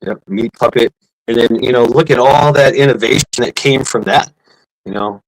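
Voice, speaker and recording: A man hosts a casual livestream, rambling with plenty of fillers and restarts while reading out viewers' comments. His voice is medium-pitched at a normal speed, and the recording quality is low.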